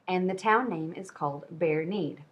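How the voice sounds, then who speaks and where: A woman's voice: lowish voice, moderate pace, lo-fi sound. A woman hosting a casual book review video, chatty and rambling, poking fun at herself. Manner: chatty, rambling, self-deprecating. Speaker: book vlogger.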